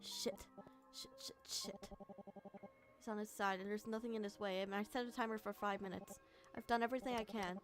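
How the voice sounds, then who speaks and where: A woman's voice: medium pitch, steady tone, fast, hardly any pauses, music in the background. A woman streamer reading a story game aloud, mixing narration with emotional reactions and the occasional curse. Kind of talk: reading a visual novel aloud with commentary.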